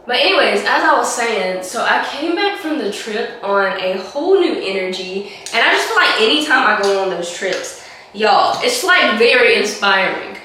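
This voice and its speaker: Hoarse woman vlogger, echoey room. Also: a little high, expressive, normal speed, sharp tone, slight background noise. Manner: chatty, rambling, heavy use of "like". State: hoarse from a cold. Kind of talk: casual talk to camera. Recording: echoey room, mic at a distance.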